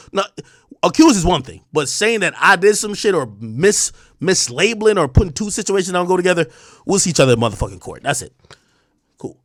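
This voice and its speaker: A man's voice: high voice, a bit bright, no echo, studio quality. A man in his thirties hosting a livestream, talking straight to his chat in an emphatic, repetitive and defiant way with plenty of profanity. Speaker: streamer host.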